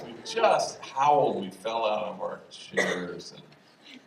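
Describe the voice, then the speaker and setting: An older priest in his sixties tells stories with dry humor, at an unhurried pace. His fairly low voice echoes through a roomy hall, caught by a distant mic with a faint hiss underneath. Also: lively intonation, vocal fry. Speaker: priest and speaker. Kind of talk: public talk with storytelling. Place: university event hall.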